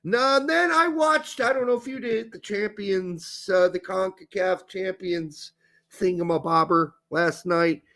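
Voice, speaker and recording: A man co-hosting a casual soccer chat, talking in an animated, profane, rambling way. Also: sits high, unhurried. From born in the US, raised in Germany. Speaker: podcast co-host.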